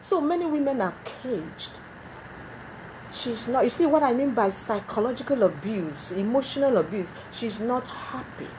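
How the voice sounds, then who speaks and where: A woman hosting a talk show, speaking in an emphatic, animated way and often repeating herself, recorded in a TV studio. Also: fairly high pitch, moderate pace, background noise.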